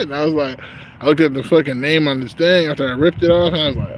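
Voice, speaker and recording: A man's voice: fairly high pitch, quick pace, slight background noise, poor audio. A man telling profane stories in a casual livestream monologue, laughing as he goes. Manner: profane, laughing, animated storytelling.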